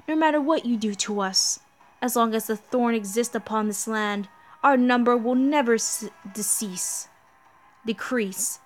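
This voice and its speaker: A woman's voice: a little high, close to an everyday voice. A woman voicing a monstrous demon god collective in a game, taunting and laughing theatrically while reading the dialogue aloud.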